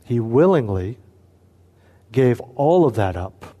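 A man's voice: medium pitch, a little mellow. Earnest male pastor preaching. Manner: earnest, emphatic, slows down for emphasis. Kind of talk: expository sermon.

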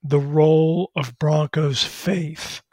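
A man analyzing college football in a measured way on a sports talk show, citing details and history. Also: a little high, steady tone, darkish tone, dry recording, clean studio sound.

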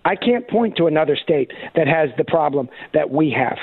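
A man holding forth on talk radio with emphatic, sarcastic conviction. His voice sits high for a man and the sound is dry, close and thin like a phone line. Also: moderate pace, slightly rough, no echo. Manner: emphatic, sarcastic, animated quoting. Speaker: radio talk show co-host. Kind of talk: opinionated talk radio monologue.

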